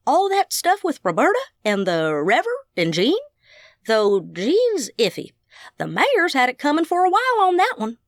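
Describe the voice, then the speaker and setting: A woman's voice: high-pitched, wildly swooping pitch, moderate pace, no echo, clean studio sound, pitched above the performer's own voice, exaggerated voice. A woman narrator voicing a lanky, good-natured young country mechanic who talks in a drawling twang.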